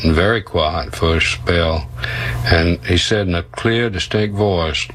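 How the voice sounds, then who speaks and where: An older man, telling a historical story slowly and thoughtfully with many pauses, in an archival documentary clip. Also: low voice, a bit bright, a little hiss or hum, low-quality recording. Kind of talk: unhurried storytelling.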